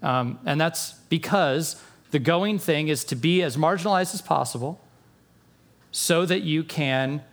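A man preaching a sermon to his congregation, animated and storytelling, acting out quotes from the story. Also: fairly high pitch, unhurried. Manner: animated, acts out voices of people in the story. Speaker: pastor.

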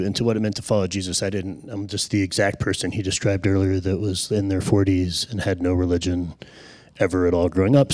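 A man's voice: fairly low pitch, a little mellow, dry recording. Earnest man telling a personal testimony. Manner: earnest, reflective, searching for words. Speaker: speaker sharing a personal testimony. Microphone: handheld microphone.

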